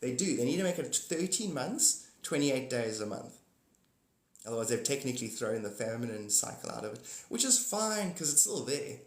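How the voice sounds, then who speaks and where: A man's voice: mid-range voice, sing-song, normal speed. Guy rambling on his phone livestream, chatty, jumps topic to topic, roomy echo. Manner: giggly, jumps between topics, talks to viewers by name. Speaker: livestream host. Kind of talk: rambling casual livestream chat. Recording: echoey room.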